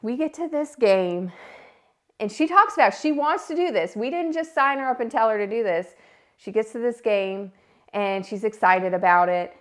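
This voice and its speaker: A woman, hosting a casual podcast and telling family stories with lively, animated delivery. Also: on the high side, normal speed. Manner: animated storytelling, acts out quotes loudly. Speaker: podcast host. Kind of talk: casual solo podcast talk.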